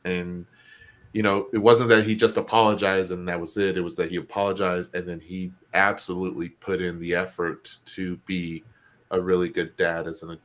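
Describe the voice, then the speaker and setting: Co-host, middle-aged man, lowish voice, heartfelt and rambling. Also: level tone, moderate pace, fairly bright tone. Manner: earnest, emotional storytelling with many fillers. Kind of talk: casual chat.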